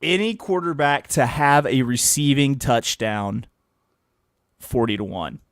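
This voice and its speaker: A man talks through his betting picks in a loose, jokey way, teasing his co-host along the way. His voice sits at an ordinary pitch. The recording is dry and close, with no room sound. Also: animated, a little slow, no echo. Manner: joking, quizzing his co-host. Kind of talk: casual sports betting banter.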